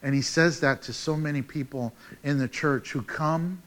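A man with a high, light voice preaching a sermon. He moves from ringing, raised declarations to quiet, intimate asides, reading scripture and pressing questions on his listeners. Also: moderate pace. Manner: preaching with wide swings from loud to hushed. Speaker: pastor.

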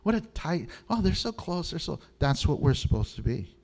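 Middle-aged male pastor, high-pitched and animated, preaching with frequent laughs. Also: moderate pace. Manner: animated, laughs often, swings from low to high. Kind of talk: sermon.

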